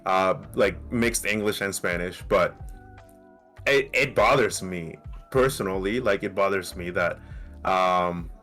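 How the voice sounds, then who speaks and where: A man's voice: low voice, unhurried, a bit bright, soft background music. A man from Mexico talking on a casual podcast panel, with many fillers and restarts. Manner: grows heated and emphatic. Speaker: podcast co-host.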